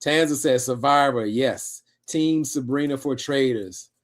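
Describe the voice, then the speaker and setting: A man's voice: medium pitch, a little slow. Laid-back man reading live chat. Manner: relaxed, laughs often, reads chat aloud. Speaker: co-host of a live review show. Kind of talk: casual live-stream chat, reading viewer comments.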